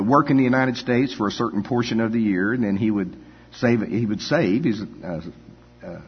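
An older man preaching a folksy, conversational sermon with frequent "you know" asides and chuckles. His voice is husky. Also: mid-range voice. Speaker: pastor. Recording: dull echoey hall.

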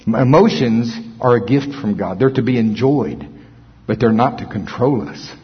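A man preaching a sermon in a church service, animated, swinging from loud bursts to soft asides. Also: medium pitch, normal speed, breathy edge. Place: church hall. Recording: muffled sound in a long-echo hall.

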